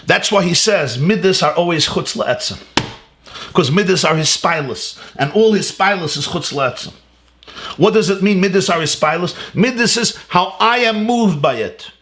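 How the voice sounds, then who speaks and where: A man rabbi giving a Torah lecture, emphatic and animated, asking rhetorical questions and repeating key words, mixing Hebrew and Yiddish terms into his English. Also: high voice, normal speed, a little hiss or hum. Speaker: rabbi teaching a class.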